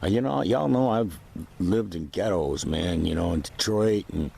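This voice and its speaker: A man's voice: low voice, animated, normal speed, vocal fry, dark tone, slight background noise. A man ranting to camera in a vlog, rambling, profane and agitated. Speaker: vlogger. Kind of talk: casual rant to camera.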